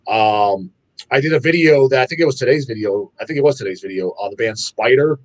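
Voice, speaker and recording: A man guesting on a podcast from a record label, chatting casually in an animated, profane way and acting out his own reactions. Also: mid-range voice, a little fast. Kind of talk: casual chat.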